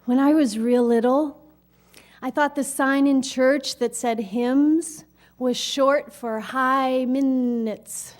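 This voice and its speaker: A woman performs a comic monologue with a wry, self-mocking delivery. Her voice sits high for a woman, and she tells her stories on stage. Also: fairly even intonation, slow pace.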